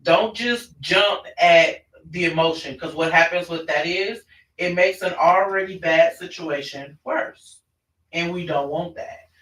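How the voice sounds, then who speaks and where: A man's voice: fairly high pitch, measured pace, a bit bright. A man presenting an online parenting class in a conversational way, often restarting his sentences. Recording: roomy, distant mic.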